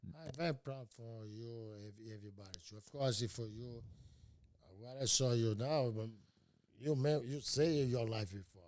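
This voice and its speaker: An older man from Brazil, a native Portuguese speaker with a Brazilian Portuguese accent, speaking halting, broken English in short phrases as a guest in a casual conversation. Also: medium pitch, darkish tone. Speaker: martial arts master, interview guest.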